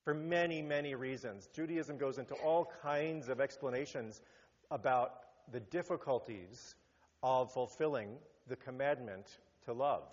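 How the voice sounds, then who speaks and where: A rabbi giving a sermon, animated, rising to emphatic peaks and then dropping low. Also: male voice, a little slow. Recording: muffled sound with long hall reverb.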